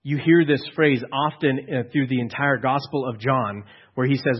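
Pastor, male, mid-pitched, a little husky, chatty sermon with acted-out quotes, lo-fi church capture. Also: steady tone, moderate pace. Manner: conversational, acts out quotes with hushed asides.

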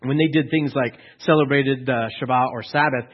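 Pastor, male, mid-pitched, a little husky, chatty sermon with acted-out quotes, lo-fi church capture. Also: fairly even intonation, moderate pace. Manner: conversational, acts out quotes with hushed asides.

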